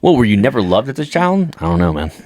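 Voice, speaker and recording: A man in his thirties trades swear-laden stories on a comedy podcast, his pitch bouncing high and low as he acts out every line. The sound is close and dry, with no room around it. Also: very animated, fast, darkish tone, no room sound. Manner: crude, joking storyteller, swears a lot. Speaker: podcast co-host. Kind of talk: casual comedy podcast banter.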